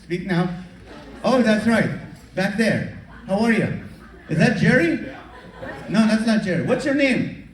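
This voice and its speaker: Male stand-up comic, lively high voice, captured from far back in an echoey hall with audience noise. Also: measured pace, pauses often. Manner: animated, acts out characters and crowd work. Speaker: stand-up comedian. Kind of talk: stand-up comedy set. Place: comedy show venue with audience. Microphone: far camera recording from audience.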